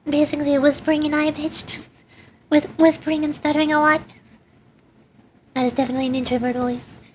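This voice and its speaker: Bubbly high-pitched woman streamer. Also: little pitch movement, a little fast, a little hiss or hum. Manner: bubbly, giggly, rambling. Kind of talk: casual gaming chat.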